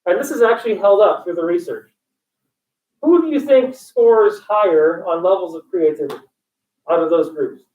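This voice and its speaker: A high-pitched man lectures a college class, slipping in jokes and quizzing his students as he goes. He is picked up from across the room on a dull-sounding mic, with the classroom echoing around him. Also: lively intonation, normal speed, recorded from a distance. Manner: joking, digressive, quizzes students. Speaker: college instructor.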